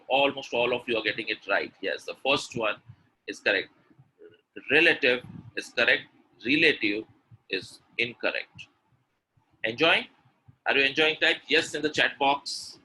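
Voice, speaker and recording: Bright upbeat coach. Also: male voice, medium pitch, slight background noise, low-quality recording. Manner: quizzing the audience, contrasting word pairs, upbeat praise. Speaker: English pronunciation coach. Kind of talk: live webinar teaching.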